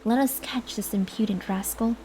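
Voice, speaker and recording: A woman's voice: mid-range voice, normal speed, mellow, a little hiss or hum, lightly acted, rough recording. A woman voicing a heavy, eager man who urges the chase, as a whispered role-play. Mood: urgent. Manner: urgent, hasty.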